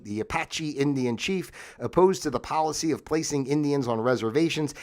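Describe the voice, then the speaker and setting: Rambling sarcastic man hosting a livestream. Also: a little high. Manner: rambling, sarcastic, jokey asides, frequent fillers. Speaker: livestream host. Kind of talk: casual rambling livestream monologue.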